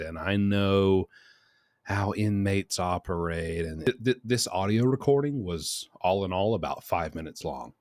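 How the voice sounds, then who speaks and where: A middle-aged man with a low voice hosts a casual commentary video. He talks in a chatty, conversational way. The sound is dry and close to the mic. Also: no echo. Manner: chatty, shifts into quoted voices. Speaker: host.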